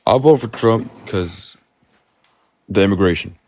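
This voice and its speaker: A young man in his late teens calls in, his very deep voice sounding dry and close. He speaks haltingly, with many pauses and fillers. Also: darkish tone, dry recording. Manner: hesitant, halting. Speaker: caller. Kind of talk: call-in debate.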